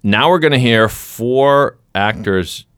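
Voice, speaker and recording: A man's voice: medium pitch, takes it slowly, fairly bright tone, clear, resonant tone, no echo, studio quality. A man hosting a podcast quiz game, teasing his guest in a playful, casual way. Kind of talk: casual chat.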